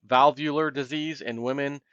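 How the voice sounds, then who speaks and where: A man's voice: mid-range voice, steady tone, normal speed, a bit bright, smooth, dry recording. Fired-up man ranting with a muffled, dry sound. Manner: heated, impassioned, acts out imagined callers. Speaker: commentary video host. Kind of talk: ranting solo commentary.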